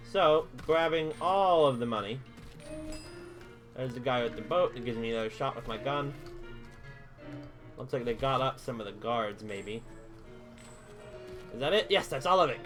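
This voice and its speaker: A man giving casual let's-play commentary, chatting to himself as he plays and breaking into excited bursts. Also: medium pitch. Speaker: gamer streaming a playthrough.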